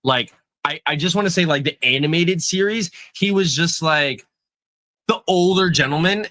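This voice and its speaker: A man talks casually about a movie on a podcast in a hyped, animated way, looping back over his own words. His voice sits a little high and sounds bright and sharp. The sound is dry and close. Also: normal speed, no room sound. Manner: hyped, animated, repeats himself. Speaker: podcast co-host. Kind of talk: casual movie review chat.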